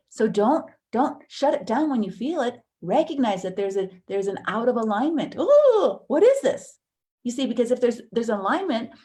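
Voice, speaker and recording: A woman teaching a counseling course in a conversational way, acting out inner thoughts with sudden jumps in pitch. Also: a little mellow.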